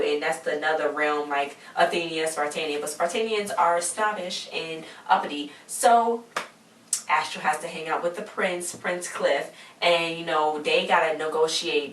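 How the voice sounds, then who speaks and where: A woman's voice: low-pitched, slight background noise. Rambling, exasperated woman recapping a show. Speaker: TV show reviewer. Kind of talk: casual recap vlog. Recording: echoey room, mic at a distance.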